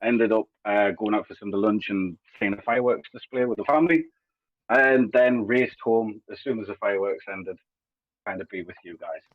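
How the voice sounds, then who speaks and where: Husky man telling a story, lo-fi. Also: lowish voice, normal speed. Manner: animated anecdote telling, acting out voices. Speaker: podcast co-host. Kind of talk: casual storytelling chat. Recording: husky voice, dull lo-fi sound.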